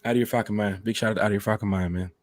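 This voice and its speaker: A man's voice: fairly low pitch, fairly even intonation, rapid-fire, no room sound. Boisterous, profane man hosting a podcast. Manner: boisterous, profane, telling dad jokes. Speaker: podcast host. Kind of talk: casual podcast chat.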